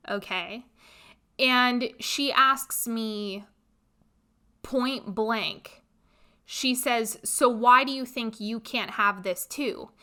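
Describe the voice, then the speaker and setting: A woman hosting a podcast, telling a personal story in a blunt, expressive, animated way. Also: on the high side. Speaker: podcast host. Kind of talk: casual storytelling monologue.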